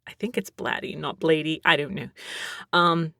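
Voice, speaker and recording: A young adult woman from Texas hosting a solo podcast, rambling with self-mocking asides, giggles and hushed whispered mutters. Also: low voice, moderate pace, creaky, no echo, studio quality. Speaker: podcast host.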